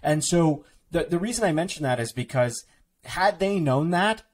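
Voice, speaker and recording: A man, an author being interviewed on a podcast, talking quickly in a rambling, casual way full of "like" fillers and restarts. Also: fairly high pitch, animated, a little hiss or hum.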